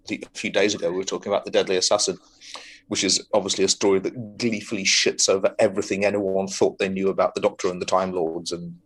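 A man co-hosting a podcast, chatting casually about a TV episode, rambling with lots of ums, restarts and swearing. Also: deep voice. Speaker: podcast co-host. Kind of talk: casual film review chat.

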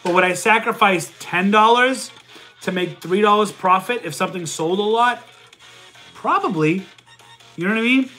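A loud, energetic man hosts a casual livestream and answers his viewers' questions as they come in. His voice sits high and bright, and he talks the numbers through out loud. Faint music plays behind him. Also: normal speed. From Italian heritage. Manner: loud and energetic, says he yells. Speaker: livestream host answering chat.

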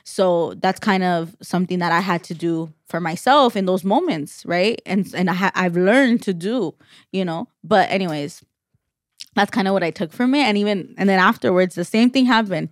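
A woman's voice: on the low side, moderate pace, no echo, clean studio sound. A young woman co-hosting a podcast in casual chat, rambling with lots of "like", restarts and freely dropped swear words. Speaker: podcast co-host.

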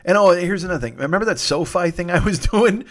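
A fairly high-voiced man rambles through a solo comedy podcast monologue, worn out, yawning and sniffly. He swears freely and pokes fun at himself as he drifts from one plug to the next. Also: expressive, quick pace. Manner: rambling and profane, self-mocking.

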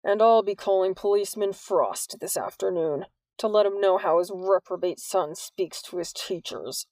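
Cruel bald school vice principal, read by a woman. Slow, menacing delivery, gravelly edge. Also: mid-range voice, a little mellow, no echo, close to an everyday voice.

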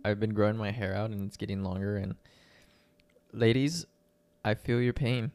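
A man's voice: fairly low pitch, normal speed, dry recording. A young man co-hosting a podcast, chatting casually with fillers and reading news articles aloud. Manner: relaxed, rambling with fillers. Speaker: podcast co-host.

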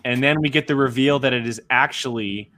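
A man hosting a casual recap chat, excited and swearing freely as he runs through a scene. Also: mid-range voice, brisk. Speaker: podcast host.

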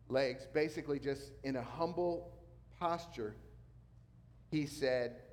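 Male pastor, lively preaching voice pitched a little high, long hall reverb. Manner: animated preaching, acts out quotes. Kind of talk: sermon.

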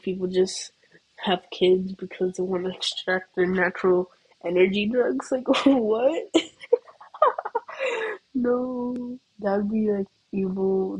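A woman's voice: medium pitch, flat delivery, slow, darkish tone, husky, muffled recording. Giggly teen girl rambling. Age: teens. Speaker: student. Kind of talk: casual comedic rant.

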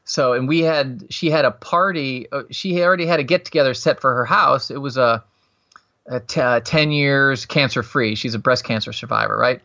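A man chatting casually and telling long stories, full of restarts, acting out quotes in a higher voice. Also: normal speed, gravelly, sharp tone. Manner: rambling storyteller, acts out quotes in a higher voice. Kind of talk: casual chat. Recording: muffled, lo-fi sound.

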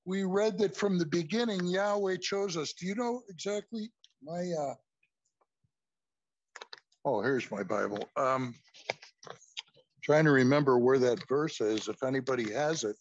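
A man's voice: a little high, expressive, a little slow, long pauses, slight background noise. A man preaching in a conversational way to a class, often addressing them as folks. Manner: conversational, repeatedly says "folks". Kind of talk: sermon. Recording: muffled, lo-fi recording.

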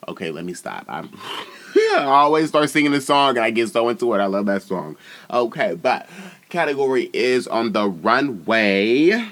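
A man's voice: fairly low pitch, a bit bright. Sassy, profane man recapping a show. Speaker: podcast host. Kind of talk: casual reality-show recap.

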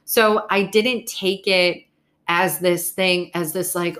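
A woman's voice: lowish voice, steady tone, slow pace, a bit bright. A young adult woman hosting a podcast alone, talking in a casual, blunt and profane way about staying positive. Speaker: podcast host. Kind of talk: casual solo podcast monologue.

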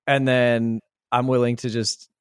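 A man talking as a guest in a relaxed chat, with a mid-pitched voice. He pokes fun at himself and laughs easily. The sound is dry and close, with no room echo. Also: unhurried, clear, resonant tone. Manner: self-deprecating, laughs often. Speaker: guest, art teacher. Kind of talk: casual interview chat.

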